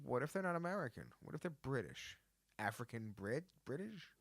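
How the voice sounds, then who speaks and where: A man's voice: mid-range voice, sing-song, a little fast, gravelly, a bit bright, dry recording. A man co-hosting a podcast in casual chat, trading wry jokes. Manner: joking, wry banter. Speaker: podcast co-host.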